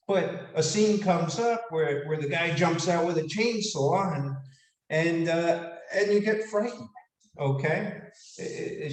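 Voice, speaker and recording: An animated man gives a casual motivational lecture and throws questions at his listeners. His voice sits a little high for a man. He is recorded from some distance in an echoey room. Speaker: speaker giving a leadership talk.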